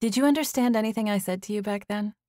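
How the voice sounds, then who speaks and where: A nervous thirty-something woman, as the narrator puts her on, talks in a breathless, flustered rush, voice lifted higher than the narration. She rambles and stumbles over herself in an audiobook scene. The sound is close and dry. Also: quick pace, mellow, dry recording, close to an everyday voice. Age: 30s. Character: nervous excited young woman on a phone call. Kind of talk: audiobook dialogue.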